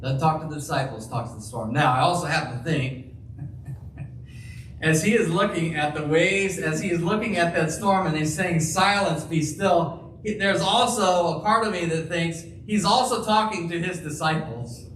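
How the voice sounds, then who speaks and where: A man's voice: fairly high pitch, moderate pace, fairly bright tone. Man, pastor, sermon, emphatic, acts out quotes, distant mic, faint room noise. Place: church. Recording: roomy, distant church sound with faint ambience.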